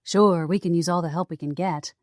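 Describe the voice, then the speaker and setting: A woman's voice: fairly low pitch, fairly even intonation, brisk, no room sound, studio quality, close to an everyday voice. Woman reading an eager young sleuth. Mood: earnest. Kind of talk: audiobook character voice.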